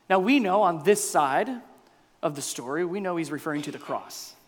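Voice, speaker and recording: Animated preaching man in a hall. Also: on the high side, normal speed. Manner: animated preaching with big swings in loudness, dropping to near-whispers. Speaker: pastor. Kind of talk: sermon.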